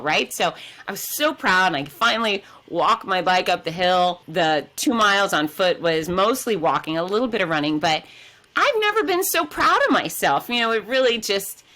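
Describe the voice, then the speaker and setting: A middle-aged woman, a podcast guest and fitness expert, telling an energetic, expressive story. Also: normal speed. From lives in Florida. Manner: energetic, expressive, dramatizes quotes with big pitch jumps. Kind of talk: animated storytelling in conversation.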